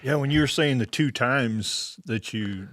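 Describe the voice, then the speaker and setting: A man's voice: mid-range voice, a little slow, a bit bright, no echo, studio quality. A man hosting a casual conversation, mostly reacting briefly and asking follow-up questions. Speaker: podcast host. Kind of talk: casual interview chat.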